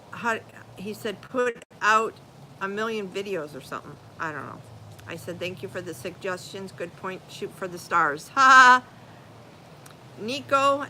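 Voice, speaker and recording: An older woman hosting a casual outdoor live stream, chatting away in a bright, clear-toned voice. She reads comments and spells out names letter by letter. Faint outdoor noise and a light breeze sit behind her. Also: medium pitch, low-quality recording. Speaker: channel host reading viewer comments.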